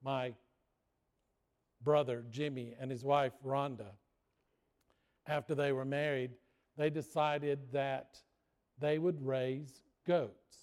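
A man's voice: mid-range voice, fairly even intonation, takes it slowly, pauses often, darkish tone. A man preaching a sermon, telling folksy stories and joking with the congregation. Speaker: pastor. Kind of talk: sermon with storytelling.

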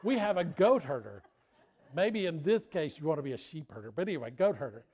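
A man's voice: on the high side, very animated, brisk, a little mellow, husky. A man preaching a sermon, telling folksy stories and joking with the congregation. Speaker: pastor. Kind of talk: sermon with storytelling.

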